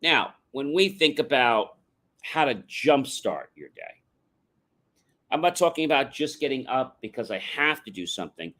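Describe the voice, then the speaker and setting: A man's voice: medium pitch, expressive, normal speed, sharp tone. Emphatic man giving a motivational talk. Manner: emphatic, addresses audience directly; repeats catchphrases in a chant. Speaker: motivational speaker.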